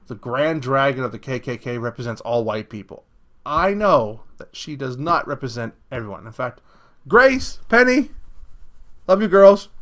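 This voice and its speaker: A man's voice: medium pitch, fairly bright tone. A man delivering a blunt opinion rant as a vlogger, speaking crudely and rambling through restarts, often tacking "okay?" onto his points.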